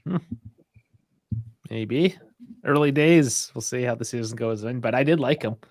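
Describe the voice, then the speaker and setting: A man of middling pitch gives relaxed, measured takes on a football match. His voice sounds dry and close, with no room around it. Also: no room sound. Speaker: co-host of a football show. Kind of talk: casual watch-along chat.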